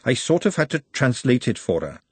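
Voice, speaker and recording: A blunt, outspoken young woman as a male narrator puts her on talks high and forcefully, pressing every point. His own husky edge still shows under the raised pitch. The lines swing widely in tone, close to the mic in a dry space. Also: very animated, brisk, no echo. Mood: urgent.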